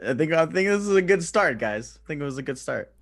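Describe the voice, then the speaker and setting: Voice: medium pitch, lively intonation, quick pace, creaky. A tabletop game player reacting playfully, with a casual, joking manner.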